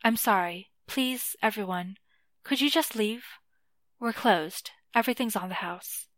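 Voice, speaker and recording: A woman voicing a young shop worker who is quiet, hesitant and kind, in a dry recording. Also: medium pitch, a little slow, no room sound, close to an everyday voice. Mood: shaken.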